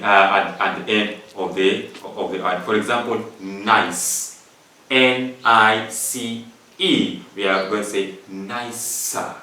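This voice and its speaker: A man's voice: medium pitch, sharp tone. A man teaching an English grammar lesson, going step by step through rules and repeating them with examples. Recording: echoey room from far off.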